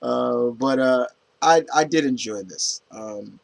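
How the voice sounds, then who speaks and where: A young man talks through his comic picks in an easygoing, unscripted way. His voice sits at an ordinary middle pitch. He rambles, restarts his sentences and leans on fillers, with casual swearing mixed in. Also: takes it slowly, gravelly. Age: young adult. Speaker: comic book reviewer. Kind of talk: casual spoken review.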